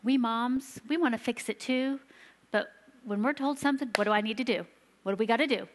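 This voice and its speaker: A woman giving a sermon to a church, telling stories earnestly and slowing down for emphasis. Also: fairly high pitch. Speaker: church children's ministry leader. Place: church sanctuary. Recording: long reverb of a large hall.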